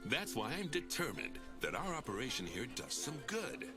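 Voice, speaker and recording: A man's voice: medium pitch, wildly swooping pitch, normal speed. A man voicing an earnest, wry zoo owner in a game's voice-over, with chuckling, self-mocking asides. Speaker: zoo owner in a game intro. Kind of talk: scripted game voice-over. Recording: game music underneath.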